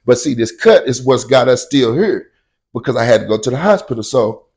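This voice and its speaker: A man casually telling a personal story in slang, often saying "you know what I'm saying" and loudly acting out shouted quotes. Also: medium pitch, animated, a little fast, slightly rough.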